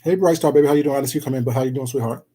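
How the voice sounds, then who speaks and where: A man's voice: medium pitch, racing, mellow, husky, rough recording. A man live-streaming himself eating, chatting casually and greeting viewers in the chat with pet names like "baby" and "sweetheart".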